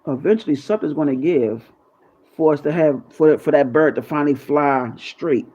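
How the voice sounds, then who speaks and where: A man's voice: fairly high pitch, normal speed, dark tone. Man, casual rambling monologue, conspiratorial, curses freely, dull lo-fi recording. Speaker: YouTube channel host. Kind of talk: casual freestyle monologue to viewers.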